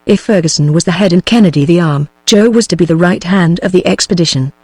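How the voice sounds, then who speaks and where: A text-to-speech woman's voice with a British English accent, narrating a classic novel in a smooth, steady manner. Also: lowish voice, quick pace, no room sound. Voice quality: smooth synthetic voice. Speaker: audiobook narrator. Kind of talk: text-to-speech book reading.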